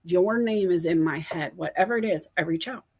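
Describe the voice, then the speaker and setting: A woman hosting a casual chat as a coach, telling stories in a candid, animated way. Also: fairly low pitch, brisk, slightly rough. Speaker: host and coach.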